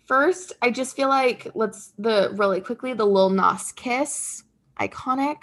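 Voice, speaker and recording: Speaking a little slowly in a voice on the high side, this young podcast co-host gushes over pop culture. Her chat is casual and full of laughter.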